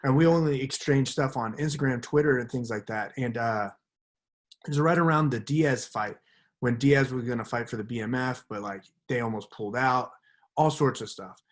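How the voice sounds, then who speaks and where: A man's voice: mid-range voice, moderate pace. A young man co-hosting a podcast, telling a rambling story and acting out the quotes in casual chat. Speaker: podcast co-host.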